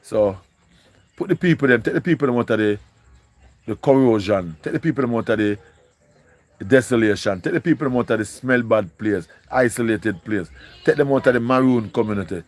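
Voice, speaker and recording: On a live stream, a man with a Jamaican accent speaks emotionally to viewers, pleading and repeating himself. His voice is medium-pitched and brisk.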